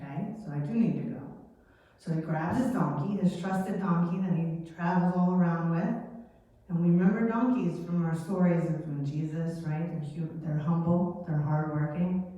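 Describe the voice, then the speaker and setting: A woman teaching a children's Sunday lesson, telling a Bible story in a chatty, animated way. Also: on the low side. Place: church hall. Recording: echoey hall from far off.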